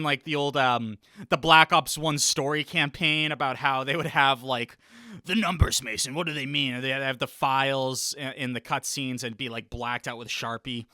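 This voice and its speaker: A man's voice: on the high side, bright, forceful tone, clean tone, no echo, clean studio sound. A young man hosting a podcast in a rambling, boastful casual chat, often laughing between thoughts. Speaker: podcast host.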